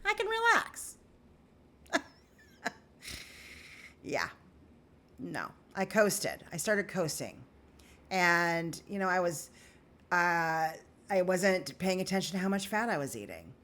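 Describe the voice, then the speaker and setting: A woman's voice: lowish voice, big pitch swings, measured pace, a bit bright. A woman vlogging candidly to her viewers in an earnest, confessional way on an emotional day. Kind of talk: candid personal vlog.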